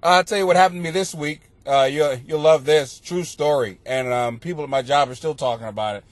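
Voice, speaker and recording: A man's voice: fairly high pitch, brisk, dry recording. A man hosting a comedy podcast, telling a rambling, profane story and laughing at himself. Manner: profane, laughs through his own story. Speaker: podcast host and comic.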